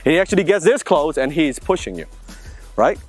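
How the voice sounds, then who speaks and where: A man's voice: a little high, big pitch swings, moderate pace, slightly rough, faint music behind. A man teaching self-defence, talking through each move and directing a training partner as he demonstrates. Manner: gives direct instructions to a partner while demonstrating. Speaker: martial arts instructor.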